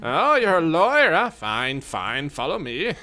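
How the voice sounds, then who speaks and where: A man's voice: a little high, huge pitch swings, a little slow, pushed and bright, voice pushed up, full character voice. A man voicing a brusque, impatient male prison guard who barks his lines.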